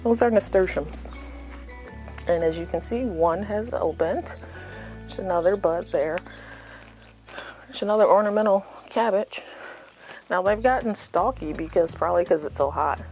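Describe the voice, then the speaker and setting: A woman's voice: lowish voice, normal speed, pauses often, a little mellow, soft background music. A woman giving a casual, unscripted tour of her front yard garden, chatty and rambling with self-deprecating asides, filmed outdoors on a phone.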